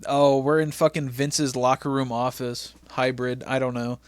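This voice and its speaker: A man's voice: mid-range voice, flat delivery, normal speed, dry recording. A man co-hosting a casual wrestling podcast, swearing freely and acting out scenes. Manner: loud, profane, acts out bits with shouting. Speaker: podcast co-host. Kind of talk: casual wrestling recap chat.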